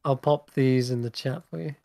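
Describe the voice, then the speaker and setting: A man running a tabletop game as game master, relaxed and chatty, often laughing. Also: medium pitch, normal speed, vocal fry, no echo, clean studio sound.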